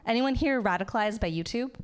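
A woman doing a stand-up set on a comedy club stage, wry, with animated mock outrage. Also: a little high, quick pace, clear, resonant tone.

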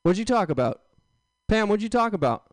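A young man doing a stand-up comedy set on a club stage, bantering loudly with the crowd and breaking into sudden yelps. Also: high-pitched, big pitch swings, brisk, no room sound. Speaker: stand-up comic.

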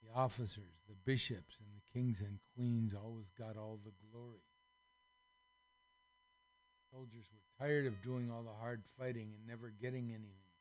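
A man's voice: medium pitch, moderate pace. A man reading a children's story aloud on a radio show, acting out the characters. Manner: expressive, acts out the characters, varies loudness a lot.

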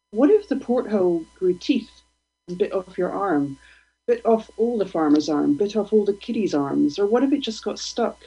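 A woman, a guest poet, reading her poems aloud in a slow, deliberate, provocative way. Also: on the low side, warm tone, breathy edge. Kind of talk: poetry reading. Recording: dull lo-fi radio stream.

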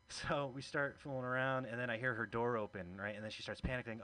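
A man performs a loose, self-deprecating stand-up set, telling his story as if chatting with the crowd. His voice sits at an ordinary middle pitch. A little room noise is faintly heard behind him. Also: fast, few pauses, bright, forceful tone. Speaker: stand-up comic and open mic host.

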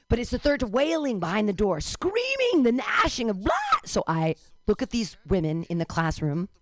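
A lowish-voiced middle-aged woman tells a comic story, animated and quick to break into loud wails. Her voice sits close and dry, with no room around it. She talks as if to friends on a radio show. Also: dry recording. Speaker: comedian telling a story.

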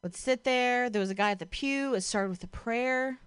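A woman's voice: on the high side, a little fast, clean tone, dry recording. A young woman from Ohio doing a stand-up comedy set, casual and profane, full of "like" and "you know", self-deprecating. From Ohio, USA.

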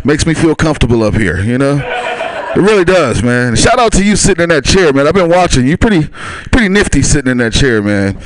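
A man's voice: on the high side, very animated, a little fast, dry recording. A man doing a loose stand-up set at a small club, laughing at his own lines and talking straight to the crowd. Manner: loose, chuckling, talks to the crowd. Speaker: stand-up comic. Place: small comedy club stage.

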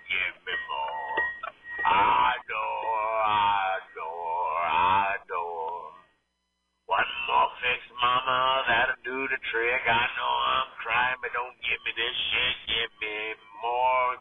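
A man's voice: on the low side, voice pushed down. A man voicing an angry newborn preemie boy craving drugs, half singing and half ranting in a whiny, demanding way over a tinny, noisy line.

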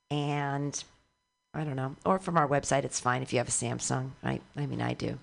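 A woman hosting a radio show who chats casually and rambles, with quick laughs. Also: extremely low pitch, flat delivery, vocal fry. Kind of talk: casual chat and announcing.

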